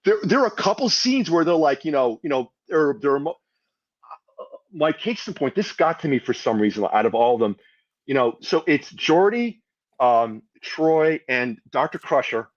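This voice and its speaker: Animated swearing man, lo-fi sound. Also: fairly high pitch, normal speed. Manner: animated, swears freely, acts out scenes. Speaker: guest panelist. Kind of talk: casual podcast chat.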